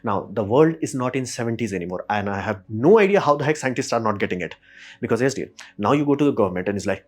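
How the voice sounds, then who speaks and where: Host, male, rapid-fire blunt rant, mid-pitched, swears freely. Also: animated, husky. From India. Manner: ranting, blunt, swears, mimics others in quick asides. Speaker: channel host. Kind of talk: opinionated solo commentary.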